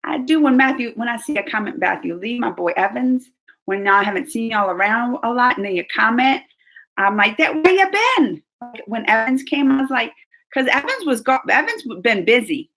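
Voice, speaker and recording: A woman's voice: on the high side, animated, moderate pace, a bit bright. A woman hosting her own reaction channel, chatting casually with viewers during a live stream, gushing and laughing often. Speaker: YouTube reaction channel host.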